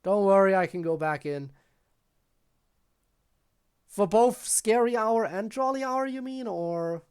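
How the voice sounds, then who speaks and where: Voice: mid-range voice, expressive, slow, a little mellow, clean tone. A streamer talking casually during a live game stream, chatty and dropping short reactions. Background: game music.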